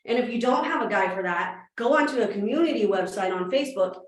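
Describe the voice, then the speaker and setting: A woman in her thirties giving a lively real estate training talk to a room, asking questions as she goes. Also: medium pitch. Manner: fast-talking, energetic, asks the room questions. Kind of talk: live training presentation. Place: meeting room with audience. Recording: very echoey room, from a distance.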